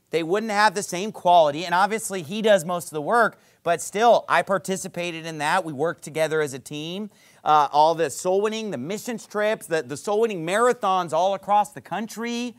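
A man's voice: high voice, a bit bright. A middle-aged man preaching a sermon to his congregation as pastor, with emphatic rises and drops and many rhetorical questions. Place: church auditorium.

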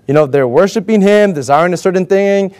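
A male preacher with a fairly high voice delivers a sermon with energetic emphasis. He keeps throwing questions at the congregation and calls for their responses as he goes. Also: a little fast. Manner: rhetorical questions and call-and-response.

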